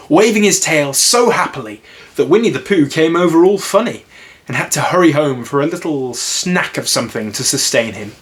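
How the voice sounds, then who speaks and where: A man calmly reading a children's storybook aloud and then chatting about it in a soft, unhurried, friendly way. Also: mid-range voice. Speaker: storybook reader.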